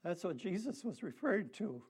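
A man preaching a sermon, leading the congregation in call-and-response with slow, emphatic phrasing. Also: sits high, big pitch swings, a little mellow, husky.

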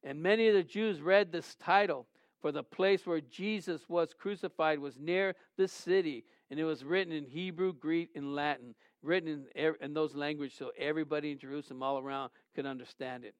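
High, smooth-voiced male preacher. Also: moderate pace, no echo. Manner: emphatic, rising on key words; addresses listeners directly with questions. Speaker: pastor. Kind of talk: sermon with scripture reading.

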